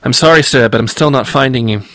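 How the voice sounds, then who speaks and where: A man's voice: mid-range voice, fast, a bit bright, no echo, natural voice. A man reading aloud and voicing a businesslike woman who is chief hostess, clipped and exasperated. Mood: stern, polite.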